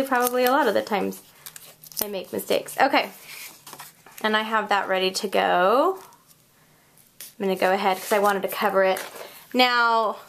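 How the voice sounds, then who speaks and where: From her home craft room, a woman with a medium-pitched voice and some vocal fry hosts a casual crafting tutorial, chatting and joking about her mistakes as she works. There's slight background noise, and kids can be heard elsewhere in the house.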